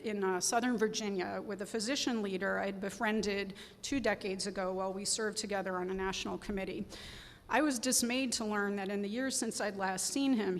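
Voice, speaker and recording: A woman giving a sermon as guest preacher, telling a personal story in an earnest, reflective way. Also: mid-range voice. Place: church sanctuary. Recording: long reverb of a church sanctuary.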